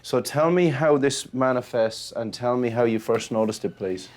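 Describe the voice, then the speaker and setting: A man working as a veterinary surgeon, briskly explaining a dog's symptoms to its owners in a clinic. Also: medium pitch. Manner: brisk, explaining and pointing out signs. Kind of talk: consultation with pet owners. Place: vet clinic consulting room.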